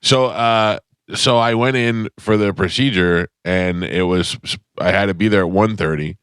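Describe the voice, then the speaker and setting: A man's voice: lowish voice, unhurried, a bit bright, smooth, dry recording. A male radio host in casual studio chat, telling a long, self-deprecating comic story with lots of detours. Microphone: studio microphone.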